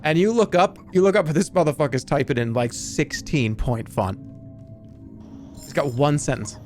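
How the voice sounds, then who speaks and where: A man streaming a video game, chatting in a rambling, profane, animated way. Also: on the high side, moderate pace, faint music behind. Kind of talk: casual chat while gaming.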